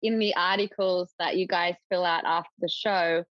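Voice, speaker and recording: A woman's voice: fairly low pitch, fairly even intonation, moderate pace, no room sound. A young adult woman, a podcast guest, talking openly and chattily with lots of filler words. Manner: chatty, open, full of filler likes. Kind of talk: casual chat. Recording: dull, dry lo-fi audio.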